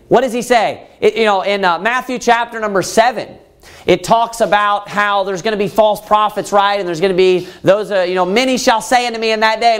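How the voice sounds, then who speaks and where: This preacher's voice is high and lively, swinging widely in pitch as he reads scripture at a fairly quick clip. He keeps pressing his congregation with rhetorical questions and raises his voice when quoting the brothers' pleas.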